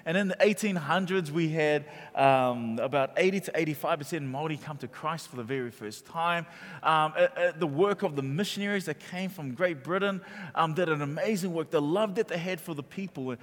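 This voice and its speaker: New pastor preaching in a hall. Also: male voice, on the high side, a little fast. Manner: call-and-response preaching, grows loud on key points. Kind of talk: sermon. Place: church auditorium. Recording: long reverb from a large hall.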